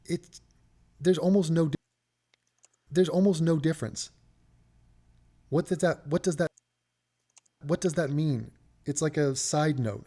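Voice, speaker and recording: A man giving reaction commentary, thinking out loud and acting out mock quotes. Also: fairly high pitch, normal speed, long pauses. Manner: reasoning aloud, restarts, mock quotes.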